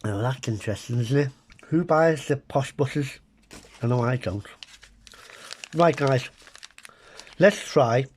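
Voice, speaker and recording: A man's voice: medium pitch, slow, pauses often, darkish tone, husky. A middle-aged man from Britain chatting casually to camera while taste-testing food, with wry, muttered asides to his viewers. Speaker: food vlogger. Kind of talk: casual comic taste-test chat to camera.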